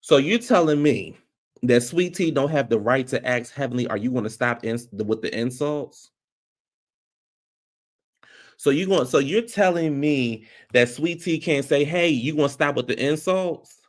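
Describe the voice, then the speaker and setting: A man giving a casual reality TV review, ranting in an animated, heavily profane way. His pitch sits mid-range for a man. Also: measured pace. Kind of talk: casual reaction commentary.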